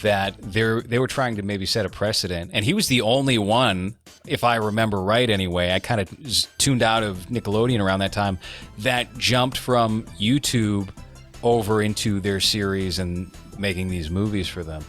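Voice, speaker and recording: A man in his thirties chatting casually on a podcast, giving a measured, critical take in long run-on thoughts. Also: fairly low pitch, a bit bright, faint music behind. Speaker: podcast co-host reviewing a movie. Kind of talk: casual chat.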